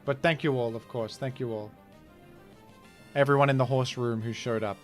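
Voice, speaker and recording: A man hosting and commentating a live online game tournament, excitable and playful, swinging from loud hype to quiet thanks. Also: mid-range voice, normal speed, soft background music.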